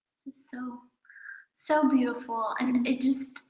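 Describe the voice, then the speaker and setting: A woman's voice: sits high, little pitch movement, slow pace, a little mellow. A young woman student in casual chat, gushing and laughing often. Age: young adult. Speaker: student volunteer. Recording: echoey room with clear background noise.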